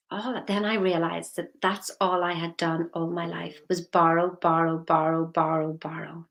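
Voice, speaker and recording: A woman coaching her audience in a motivational talk. Her voice sits fairly low. She is emphatic and keeps firing questions at the listener. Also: fairly bright tone.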